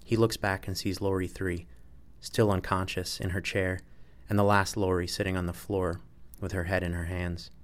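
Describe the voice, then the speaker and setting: A man with a very low voice narrates a story in an even, measured way. His reading is steady and unhurried. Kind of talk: audiobook narration.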